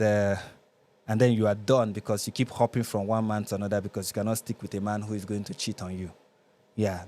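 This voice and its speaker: A man's voice: lowish voice, a little mellow. A Nigerian man hosting a live reaction show, commenting with sarcasm and exasperation.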